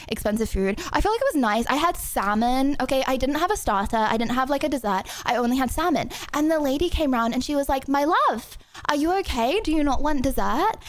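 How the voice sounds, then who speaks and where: Chatty high-voiced woman streaming. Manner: chatty, rambling, lots of "like" and "okay". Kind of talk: casual chat.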